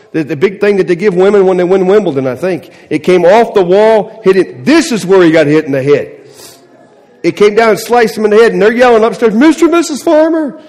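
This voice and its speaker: A middle-aged pastor with a fairly high voice tells a story during a sermon, delivering it animatedly and acting out the voices before settling into a soft, quiet prayer. He's in a church sanctuary, and the recording carries long church reverb.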